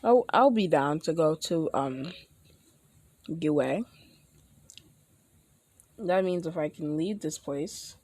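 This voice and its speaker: A man's voice: on the high side, expressive, takes it slowly, pauses often, darkish tone, heavily acted. A young man voicing a cocky eight-year-old boy with super speed, who boasts and stumbles over his words.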